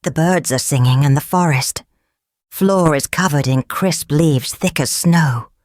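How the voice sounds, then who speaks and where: A woman voicing a dreamy, romantic young lady in a storybook, speaking slowly. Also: low voice, a little mellow, no echo, clean studio sound.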